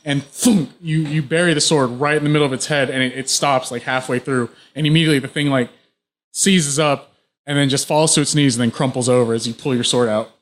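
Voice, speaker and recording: A man's voice: medium pitch, fairly even intonation, fast, slight background noise. Man narrating as game master. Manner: vivid play-by-play with frequent restarts.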